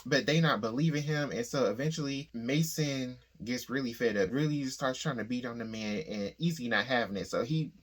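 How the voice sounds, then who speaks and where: Male book-discussion host, middle pitch, relaxed conversational plot recap that dips into characters' quoted lines. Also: brisk, few pauses. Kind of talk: casual plot summary.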